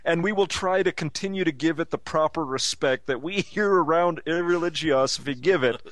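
A man's voice: fairly high pitch, moderate pace, a bit bright, no room sound. A man co-hosting a podcast in casual comedic chat, teasing his friend with a dry wit. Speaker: podcast co-host.

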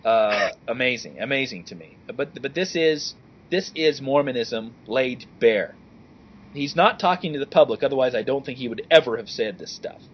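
A man co-hosting a casual podcast, talking in an animated, sarcastic and exasperated way. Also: mid-range voice, normal speed, dull audio, a little hiss or hum. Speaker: podcast co-host.

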